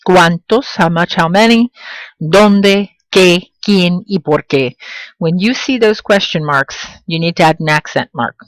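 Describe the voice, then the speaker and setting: A woman teaching a video language lesson, pronouncing example words slowly and clearly and encouraging her students directly. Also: on the low side, no room sound, rough recording. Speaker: Spanish teacher.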